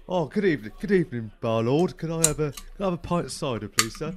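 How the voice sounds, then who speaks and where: A man's voice: a little high, lively intonation, fast talker, heavy background noise, voice pushed up, lightly acted. A man putting on a chirpy Cockney pub customer. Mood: jovial. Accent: Cockney, put on. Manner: chirpy, hesitant, with stammered restarts. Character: jovial Cockney man ordering at a pub bar. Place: home, remote call.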